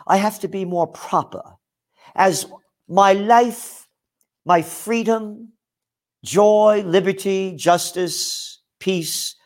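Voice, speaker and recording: A man hosting a ranting news commentary, angry and sarcastic, mocking his targets with outraged asides. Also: high-pitched. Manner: mocking asides, blah blah dismissals. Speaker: host.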